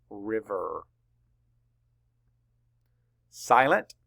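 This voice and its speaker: Male elementary teacher, gravelly voice, unhurried, patient spelling dictation. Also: on the low side, fairly bright tone. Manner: slow, deliberate, letter-by-letter dictation; asks questions and answers them himself. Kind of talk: classroom spelling lesson.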